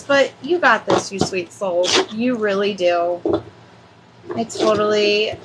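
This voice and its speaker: A woman's voice: medium pitch, unhurried, heavy background noise. A woman giving a live tarot reading. She talks casually and reassuringly, rambling with many fillers. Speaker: tarot reader.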